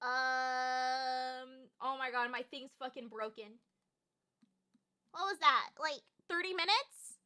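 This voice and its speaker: Casting: high, bright-voiced woman, chatty and profane, streaming live. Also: takes it slowly, long pauses, no room sound, clean studio sound. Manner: bubbly, profane, chatty with viewers. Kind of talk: casual live-stream chat.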